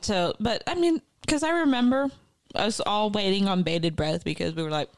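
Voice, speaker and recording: A woman's voice: medium pitch, normal speed. A woman co-hosting a podcast, tipsy, laughing often and swearing freely in casual chat. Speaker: podcast co-host.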